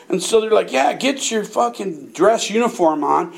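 A man's voice: high voice, lively intonation, moderate pace, gravelly, crowd noise. An older man telling a rambling, profane story in casual chat, often laughing as he talks. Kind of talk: casual anecdote.

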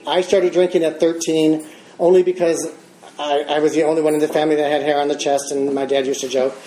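His warm, fairly high voice barely moves in pitch and runs a little fast as the fifty-something Michigan man tells his recovery-meeting story in an American accent. Laughing at himself and chuckling along, he speaks in a large meeting room whose recording is echoey with background noise.

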